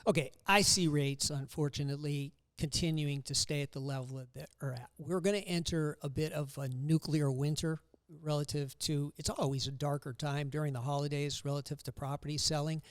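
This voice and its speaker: A man's voice: fairly high pitch, steady tone, brisk, no echo. An older man, a guest loan officer, telling joking, upbeat stories on a casual podcast.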